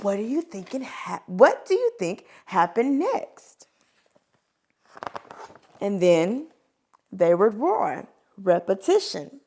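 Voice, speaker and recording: A woman preschool teacher giving a teaching demonstration of reading aloud, animated and expressive, with playful sound effects. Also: medium pitch, slow, pauses often, breathy edge.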